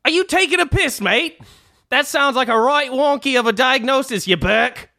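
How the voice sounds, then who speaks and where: A man's voice: extremely high pitch, normal speed, dry recording, studio quality, pitched above the performer's own voice, full character voice. A man doing a rude, mocking bloke. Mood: scornful. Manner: loud, exaggerated put-on accent. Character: brash, rude British bloke, angry and mocking.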